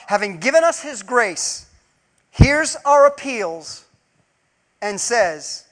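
A male pastor preaches emphatically, swinging between loud pleas and hushed asides and posing rhetorical questions to his congregation. His voice is high and sing-song, and he takes his time.

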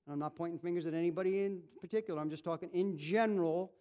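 Animated high-voiced male preacher. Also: very fast. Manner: animated, acts out little scenes in quoted voices. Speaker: pastor. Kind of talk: sermon. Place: church.

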